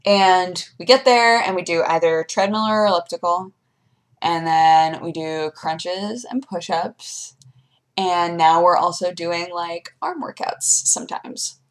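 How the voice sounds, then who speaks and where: A young woman vlogger chatting casually, telling animated stories and jumping into high squeaky voices for her pets. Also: slow. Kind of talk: casual chat.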